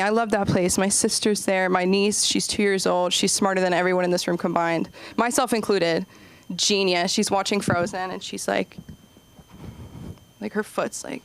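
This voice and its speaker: A woman's voice: medium pitch, a little hiss or hum. A young woman performing a stand-up set at an open mic, rambling and self-deprecating with lots of "like" and trailing asides. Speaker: stand-up comic. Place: comedy club stage.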